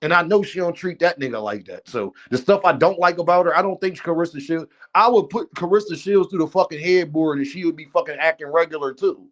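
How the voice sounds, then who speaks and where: A man with a high voice hosts a live stream in unscripted rant mode. He talks bluntly and profanely, addressing his chat directly and heatedly. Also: brisk, hardly any pauses, a bit bright, muffled recording. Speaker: livestream host.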